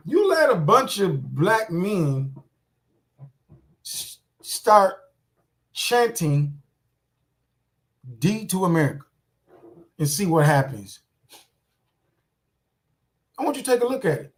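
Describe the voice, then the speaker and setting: High-voiced indignant male commentator. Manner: indignant, repetitive, talks straight to viewers. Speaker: commentator reacting to a clip. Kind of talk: casual reaction commentary.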